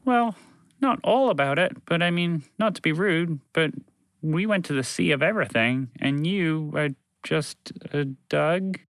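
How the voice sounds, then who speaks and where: A man's voice: fairly high pitch, expressive, a little slow, a bit bright, clean tone, no echo, clean studio sound. A man doing nosy, questioning kids. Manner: inquisitive, pestering questions. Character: curious, nitpicking children, questioning the story.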